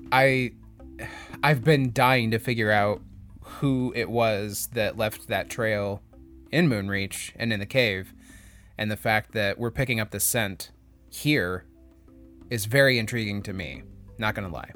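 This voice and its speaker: A man playing a tabletop game, speaking in a thoughtful, unhurried way. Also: on the low side, a bit bright, faint music behind. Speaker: player. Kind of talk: casual tabletop role-play.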